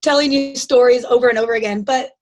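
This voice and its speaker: A young woman with a high voice talks in a relaxed, chatty way. She is an interview guest telling stories and drops "like" into most of her sentences. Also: fast. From United States. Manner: chatty storytelling, frequent "like" fillers. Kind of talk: casual conversation.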